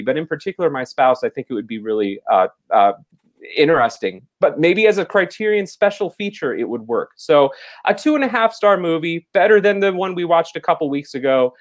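A man co-hosting a podcast, reviewing a film in rambling, halting casual talk full of fillers and restarts. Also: on the high side. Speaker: podcast co-host reviewing films.

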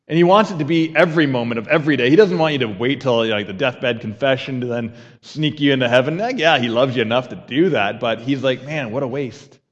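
A man's voice: medium pitch, in a large hall, highs cut off. A man preaching a conversational sermon as pastor, repeating a key phrase and having the congregation say it back.

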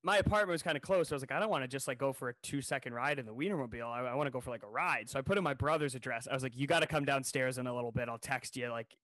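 A man co-hosting a podcast, telling a funny story in a casual, animated way and acting out what people said. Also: mid-range voice, racing, hardly any pauses, no room sound. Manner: animated, jokey storyteller who acts out quotes. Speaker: podcast co-host. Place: New York City.

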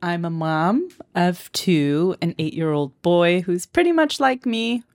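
A woman from Southern California with a Valley Girl accent, chatting casually as a podcast co-host. Her voice sits a little low for a woman, and she giggles and says "like" a lot. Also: expressive, slow, darkish tone. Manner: giggly, uses "like" often. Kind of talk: casual chat.

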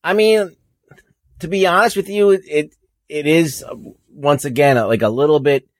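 A man's voice: fairly high pitch, moderate pace. A man with an accent, a regular on a casual podcast, rambling and cursing freely. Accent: non-native accent. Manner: rambling, profane, expressive. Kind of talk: casual chat.

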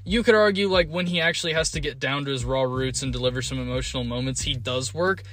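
A man's voice: mid-range voice, quick pace, fairly bright tone, slight background noise. A young man casually reviewing a film with a friend, blunt and swearing freely as he rants. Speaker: podcast co-host reviewing films. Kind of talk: casual movie review chat.

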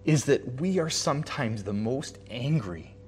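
A male pastor giving a sermon, telling a personal story in a halting, heartfelt way with frequent restarts. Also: medium pitch, animated, darkish tone, soft background music.

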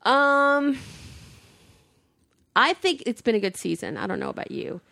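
A woman's voice: high voice, animated, unhurried, vocal fry, pushed and bright, dry recording, studio quality. A woman co-hosting a casual chat show, talking loosely with frequent fillers and laughs. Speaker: podcast co-host.

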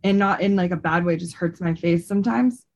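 A woman co-hosting a podcast, chatting casually in an expressive way, with lots of "like". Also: fairly low pitch, fairly quick. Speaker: podcast co-host. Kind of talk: casual chat.

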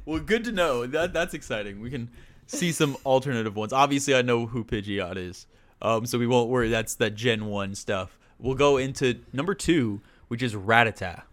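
Laughing, animated young man. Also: mid-range voice, moderate pace. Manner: laughing, animated, swears casually. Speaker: podcast co-host. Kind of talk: casual chat.

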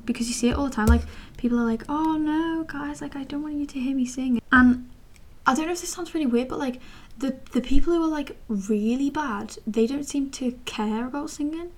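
Young woman, 19, fairly high voice, casual rambling vlog, self-deprecating. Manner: chatty, self-deprecating, many fillers and asides. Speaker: vlogger.

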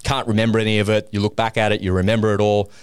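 Middle-aged male podcast guest, low voice, animated storyteller, dry sound. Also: rapid-fire, smooth, no echo. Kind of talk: personal storytelling.

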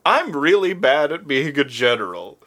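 A man putting on a boastful, clueless tall general, speaking in a slow drawl. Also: fairly high pitch, very animated, fairly bright tone.

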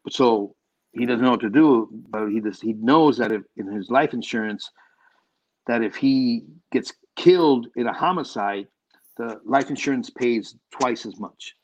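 A filmmaker guest chatting casually in an interview, rambling through animated stories with lots of restarts. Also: male voice, medium pitch, unhurried, dull audio.

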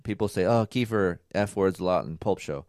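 A man's voice: low voice, fairly quick, a little mellow, dry recording, clean studio sound. A man co-hosting a casual podcast with his partner, giving blunt, profane advice in a lecturing way. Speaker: podcast co-host. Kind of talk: casual couple chat.

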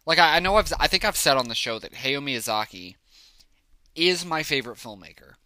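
Bright-toned man rambling about films. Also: mid-range voice, animated, a little fast, dry recording. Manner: enthusiastic, rambling, lots of fillers. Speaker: podcast host. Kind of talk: casual solo film review.

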